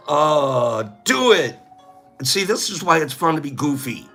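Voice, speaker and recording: Host, male, middle-aged: goofy, laugh-prone, high bright voice that swings wildly, unhurried, light music underneath. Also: very animated. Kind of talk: casual livestream chat.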